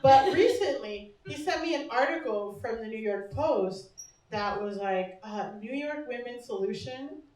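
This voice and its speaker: A woman's voice: a little high, lively intonation, a little slow, a little mellow. A young woman hosting a comedy show and doing a stand-up set, brash and self-mocking, swearing freely and laughing often. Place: small comedy bar stage. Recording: echoey club, mic heard from a distance.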